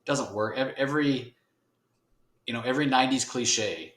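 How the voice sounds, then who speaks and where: A man of middle pitch talks casually through a comic review in a rambling, wry way, often restarting his sentences. His voice carries a clear roomy echo. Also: normal speed, a bit bright. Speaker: podcast co-host, comic reviewer.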